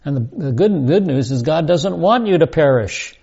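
A man giving a video sermon, teaching verse by verse in a deliberate, emphatic way. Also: a little high, lively intonation, darkish tone, slightly rough. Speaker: Bible teacher. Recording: dull lo-fi sound.

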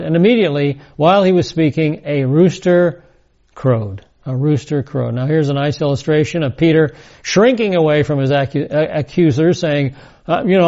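A man's voice: fairly high pitch, normal speed, warm tone. A man teaching a scripture lesson, reading verses and adding casual asides. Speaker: Bible teacher. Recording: dull lo-fi recording.

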